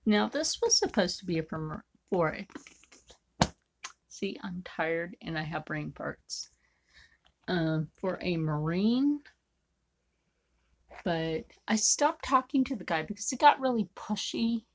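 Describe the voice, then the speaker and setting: A woman's voice: lowish voice, animated, slow pace, long pauses. A woman artist chatting bluntly and rambling with many fillers while she draws. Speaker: artist drawing on camera. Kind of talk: casual chat while drawing.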